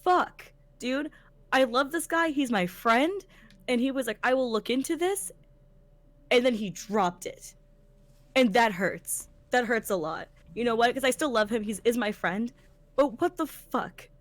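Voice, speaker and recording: A woman's voice: high voice, no echo. A woman co-hosting a casual chat, telling a story emphatically and swearing freely as a tournament organizer. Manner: emphatic, swears a lot, animated retelling. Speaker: podcast co-host.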